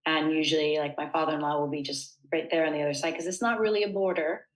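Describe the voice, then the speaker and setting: A woman's voice: deep voice, steady tone, fast, low-quality recording. A woman from the United States speaking as an interview guest, talking earnestly and thoughtfully with frequent fillers. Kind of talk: casual interview conversation.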